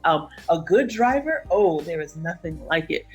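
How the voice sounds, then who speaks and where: A woman's voice: lowish voice, expressive, normal speed, husky, faint music behind, rough recording. A woman co-hosting a podcast in casual chat, teasing her co-host and giving listeners travel advice.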